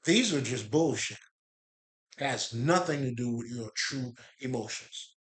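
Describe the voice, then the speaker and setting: A man's voice: medium pitch, unhurried, fairly bright tone. A man giving a casual spiritual monologue, rambling and streetwise, swearing freely and breaking into laughs. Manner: rambling, profane, laughs often, streetwise slang. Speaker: spiritual talk host.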